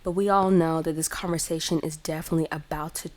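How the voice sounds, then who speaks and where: A woman's voice: deep voice, steady tone, quick pace, darkish tone, slight background noise. Chatty young woman narrating a game. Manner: chatty, filler-heavy, playful. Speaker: let's play host. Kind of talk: casual game commentary.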